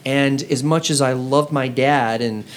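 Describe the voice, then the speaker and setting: Male co-host, mid pitch, earnest storyteller who voices the characters he quotes. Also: fairly even intonation, unhurried, a little hiss or hum. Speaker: podcast co-host. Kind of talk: casual chat among friends.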